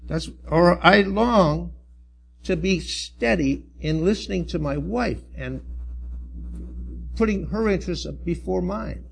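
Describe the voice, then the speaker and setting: A middle-aged man, a church elder, preaching a sermon in an earnest, halting way with restarts and emphatic swells. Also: high-pitched, creaky, a little hiss or hum.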